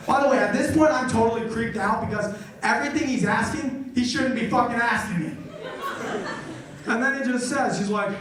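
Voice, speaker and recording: A man performing a stand-up comedy set, telling stories loudly and acting out the voices of people in them. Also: very high-pitched, a little fast. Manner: loud, animated storytelling with acted-out quotes. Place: college theater stage with audience. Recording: echoey live venue, mic from a distance.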